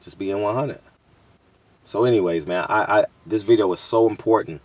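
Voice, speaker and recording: A boxing media vlogger from the United States, a man in his thirties, talks straight to his viewers in a candid, emphatic, street-casual monologue full of repeats. His voice is lowish, at normal speed, with no echo.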